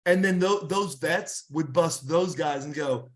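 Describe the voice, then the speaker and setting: A man's voice: on the high side, normal speed, few pauses. A middle-aged man telling rambling wrestling stories in a casual interview, with many restarts and fillers. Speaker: guest wrestler.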